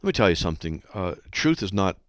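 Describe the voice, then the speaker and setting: A man hosts a Christian call-in radio show with a deep, low voice. His pitch rises and falls a lot as he recounts things earnestly and exhorts his listeners. The sound is close and dry. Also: big pitch swings, fast talker, no room sound.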